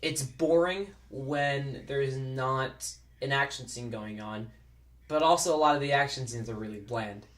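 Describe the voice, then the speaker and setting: A man's voice: mid-range voice, unhurried, fairly bright tone, reverberant. A man chatting casually as a movie reviewer, jokey and rambling.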